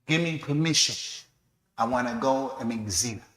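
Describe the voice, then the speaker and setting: A man's voice: mid-range voice, moderate pace, fairly bright tone. A man teaching a mosque lesson in sermon style, telling a story with animation and acting out the voices of the people in it. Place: mosque prayer hall. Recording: echoey mosque hall.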